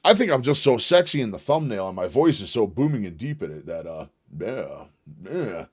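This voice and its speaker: A man's voice: lowish voice, moderate pace, husky. A man hosting a casual livestream, rambling and swearing as he reacts to clips. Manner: profane, rambling, excitable. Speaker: livestream host.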